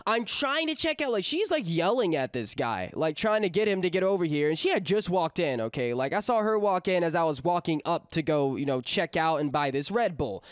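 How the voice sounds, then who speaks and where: A man's voice: a little high, no echo, clean studio sound. A man vlogger telling a casual storytime in a chatty way with lots of fillers. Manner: chatty, many fillers and asides.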